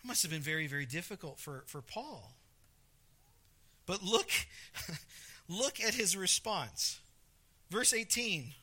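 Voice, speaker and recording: A man's voice: high voice, sing-song, takes it slowly, long pauses, pushed and bright, breathy edge. A man preaching a conversational sermon, reading scripture aloud with emphasis and stumbling over restarts. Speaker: pastor.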